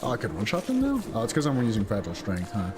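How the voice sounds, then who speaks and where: A man's voice: huge pitch swings, rapid-fire, music in the background. A young man streaming a video game, rambling casually with lots of filler words and frequent laughs. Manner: jumps into high squeaky voices when quoting others. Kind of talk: casual gameplay commentary.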